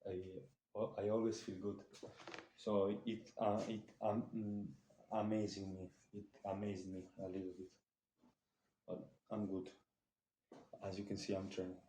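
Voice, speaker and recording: A low, mellow-toned man talks slowly to his camera between sets, in hesitant non-native English that keeps circling back on itself. His voice rings around an echoey gym with a faint hum of ambience behind it. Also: monotone. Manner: halting, restarting non-native English with simple phrasing. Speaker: vlogger. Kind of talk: casual talk to camera during a workout. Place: gym, indoors.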